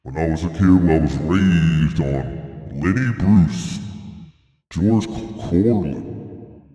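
A man putting on the voice of a pompous older man who lectures on classic comedy in a slow, drawn-out, mock-solemn way. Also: low voice, dark tone, pitched below the performer's own voice. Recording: roomy with long reverb and faint music.

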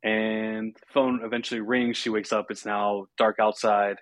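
A man's voice: lowish voice, little pitch movement, normal speed, no room sound. A man hosting a podcast, casually recapping a horror film with fillers and chuckles. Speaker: podcast host.

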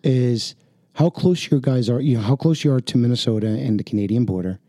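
Animated New Jersey man telling stories. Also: medium pitch, fairly quick, no echo, studio quality. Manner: animated, swears, acts out quotes. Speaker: podcast co-host. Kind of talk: casual storytelling chat.

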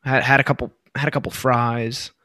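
Rambling man, hoarse from yelling. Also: medium pitch, flat delivery, a little fast, no echo, clean studio sound. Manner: loose rambling talk with many fillers and swearing. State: voice worn from yelling. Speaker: podcast co-host. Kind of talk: casual chat.

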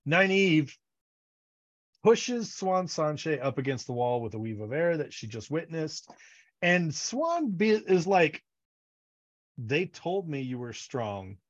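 A man's voice: on the high side, sing-song, takes it slowly, dull audio. A man co-hosting a podcast, chatting casually about a book series and acting out characters' lines in funny voices. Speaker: podcast co-host.

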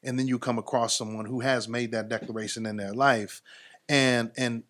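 A man's voice: medium pitch, steady tone, moderate pace, fairly bright tone. A man hosting a podcast interview, casual and affirming, often laughing along. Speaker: podcast host.

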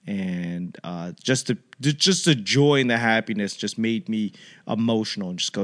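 A man hosting a casual solo chat, rambling and animated, with lots of fillers and restarts. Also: on the low side, normal speed.

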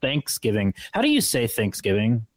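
A man's voice: mid-range voice, animated, fairly quick, dry recording. Laid-back male podcast co-host. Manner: casual, joking, rambling. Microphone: video call. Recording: audio ripped from a video call.

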